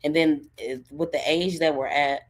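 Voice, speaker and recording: A woman co-hosting a podcast, talking in a relaxed, reflective way with folksy phrasing. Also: low-pitched, moderate pace. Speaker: podcast co-host. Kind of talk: casual chat.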